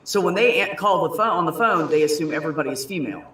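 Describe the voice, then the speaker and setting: A man in casual chat, telling stories with lively quoted voices and frequent swearing. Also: a little high, fast talker, distant mic. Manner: animated storyteller, swears freely, acts out quoted voices. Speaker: guest. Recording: echoey room.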